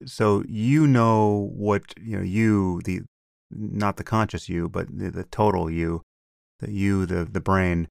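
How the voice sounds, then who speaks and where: A man with a very low voice and a gravelly rasp talks through ideas slowly and carefully, restarting his sentences as he works out the wording. The sound is dry and close, with no room echo. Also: steady tone, darkish tone. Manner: measured, explanatory, with frequent restarts. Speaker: podcast co-host. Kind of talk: casual conversation.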